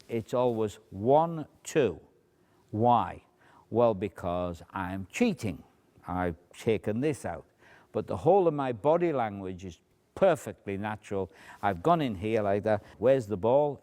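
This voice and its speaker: Explaining a magic routine for a tutorial, this man speaks in a lowish, somewhat mellow voice. His delivery is chatty and explanatory, with asides and quotes he acts out.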